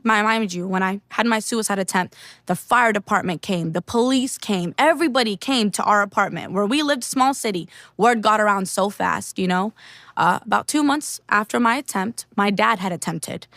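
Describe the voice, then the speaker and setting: A woman's voice: medium pitch, fairly bright tone, dry recording. Young American woman, mid-range voice, dry close sound; earnest and candid, testimony told straight to camera. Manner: earnest, candid, heavy use of "like" and "you know". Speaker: speaker sharing a faith testimony. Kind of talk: personal testimony storytelling.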